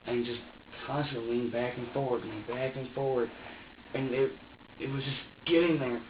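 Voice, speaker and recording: A man's voice: medium pitch, brisk, muffled recording, background noise. Distant man in an echoey interrogation room. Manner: rambling and repetitive, acting out his own words. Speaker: man being questioned by police. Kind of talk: recounting events during a police interrogation. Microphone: room surveillance microphone.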